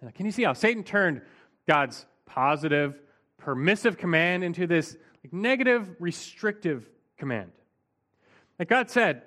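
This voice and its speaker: A man's voice: high voice, big pitch swings, a little slow, bright, forceful tone. A man preaching an expository Bible teaching in a conversational, emphatic way, often saying "like".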